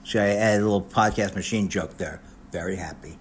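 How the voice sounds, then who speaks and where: A man's voice: low voice, brisk, a little hiss or hum. An older man, a comedian, doing a mock roast in a rambling comic monologue, often cutting himself off and restarting his sentences with sarcastic asides. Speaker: comedian recording a personalized video message.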